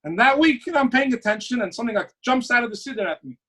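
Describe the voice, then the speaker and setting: A man's voice: very high voice, animated, very fast, sharp tone, poor audio. A man, a rabbi, telling a story to students in a sermon, acting out phone calls and dialogue as he goes.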